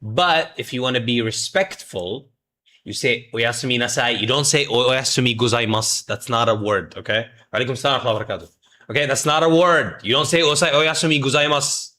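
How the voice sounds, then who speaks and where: A man's voice: medium pitch, fast talker, pushed and bright. A man teaching Japanese greetings on a livestream, joking around, mock-scolding chat and drilling pronunciation. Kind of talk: playful livestream lesson.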